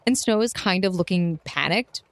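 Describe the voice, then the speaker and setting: A young woman playing a tabletop role-playing game, narrating her character and speaking as her with lively, animated swings in pitch. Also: moderate pace, no room sound. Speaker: player.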